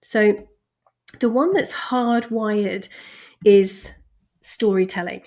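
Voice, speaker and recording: A woman's voice: medium pitch, slow, warm tone. Chatty woman coaching. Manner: chatty, laughs often, stresses key words. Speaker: communication coach. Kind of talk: recorded lesson.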